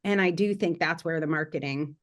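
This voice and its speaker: An American woman speaking as a guest in a casual panel discussion, chatty and animated, with frequent "like" fillers. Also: low voice, fairly quick.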